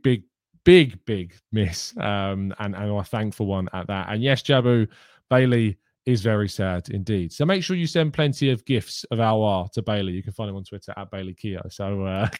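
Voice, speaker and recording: A man's voice: lowish voice, dry recording, studio quality. A man hosting a daily live football news show, chatty and opinionated as he reads out viewer questions. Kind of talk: live-streamed football chat.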